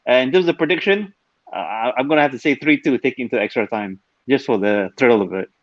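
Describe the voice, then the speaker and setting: A man guest in a casual podcast chat, cheerful and quick to laugh. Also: medium pitch, lively intonation, dry recording, dull audio. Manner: cheerful, laughs between points.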